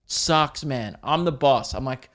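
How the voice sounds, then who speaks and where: A man's voice: medium pitch, slow, a bit bright. A young man hosting a solo podcast, ranting with lots of swearing and bursts of laughter. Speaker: podcast host.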